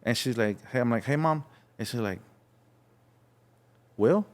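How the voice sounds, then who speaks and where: Young adult man from Los Angeles, podcast guest, frank halting storyteller. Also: medium pitch, a little mellow. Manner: frank, halting, acts out voices in his story. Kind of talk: casual storytelling.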